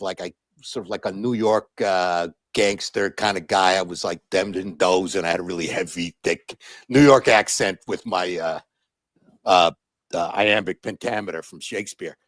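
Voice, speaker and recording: Older guy, deep voice, animated storyteller, dry close sound, lots of uh and restarts. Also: no echo. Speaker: guest. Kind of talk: casual interview storytelling.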